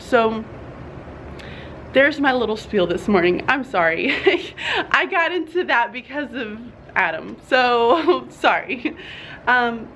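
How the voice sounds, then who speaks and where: Tired, earnest woman teacher, casual vlog talk, slightly high voice, faint room hiss. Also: a bit bright. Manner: chatty and earnest, says y'all, laughs often. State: tired, yawning. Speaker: teacher vlogger. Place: classroom.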